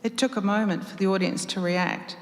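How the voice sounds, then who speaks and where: A woman writer reading her own story aloud to an audience at a live event, expressive and measured. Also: mid-range voice. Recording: roomy hall reverb.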